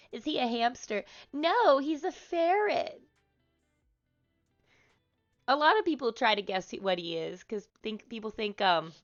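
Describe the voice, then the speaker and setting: A woman live streaming from the office room of her apartment over a headset mic, chatting slowly and softly with viewers and cooing to her pet. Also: on the high side, muffled recording. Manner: slow, soft-spoken and chatty, cooing baby talk to her pet. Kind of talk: casual live-stream chat. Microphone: headset microphone.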